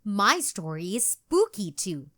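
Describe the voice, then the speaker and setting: A woman's voice: mid-range voice, sing-song, slow, sharp tone, full character voice. A woman doing a bold little girl with spooky tales. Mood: dramatic. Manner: dramatic storytelling voice.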